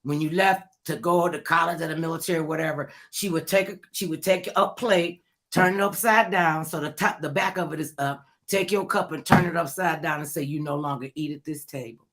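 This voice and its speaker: A woman hosting a casual talk show tells a lively story and acts out the voices of the people in it. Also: on the low side, brisk. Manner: animated, acts out quoted voices loudly.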